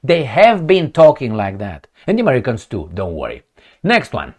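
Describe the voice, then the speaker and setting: Mocking, animated male commentator. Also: medium pitch, moderate pace. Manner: sarcastic, mocking, emphatic. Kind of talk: profane political commentary.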